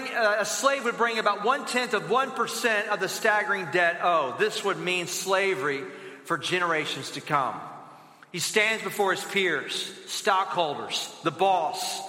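A man preaching a sermon, telling a story and asking the audience rhetorical questions, with sudden deep drops in pitch for emphasis. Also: pushed and bright. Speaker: pastor. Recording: echoey hall with long reverb.

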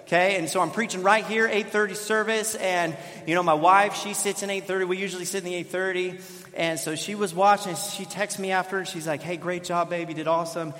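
A man in his thirties, a pastor preaching a sermon in a church and telling an animated, self-deprecating story. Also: high voice, a little fast. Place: church sanctuary. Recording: long hall reverb.

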